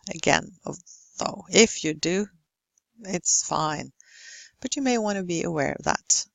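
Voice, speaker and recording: Slow Norwegian-accented woman teaching pronunciation. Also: on the low side, animated, creaky, no echo. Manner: slow, careful, demonstrating word lists. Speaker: English teacher. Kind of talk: recorded phonetics lesson.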